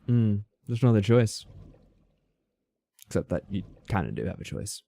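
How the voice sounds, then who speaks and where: A man's voice: on the low side, sing-song, moderate pace, creaky, mellow. A man hosting a game stream, chatting casually and reacting playfully aloud. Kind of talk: casual let's-play chat.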